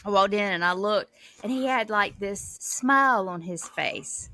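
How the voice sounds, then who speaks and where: A sassy woman co-hosting a podcast, teasing and telling stories. Her voice is bright and forward at a middle pitch, and the recording is close and dry. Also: measured pace, dry recording. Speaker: podcast co-host. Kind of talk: casual chat.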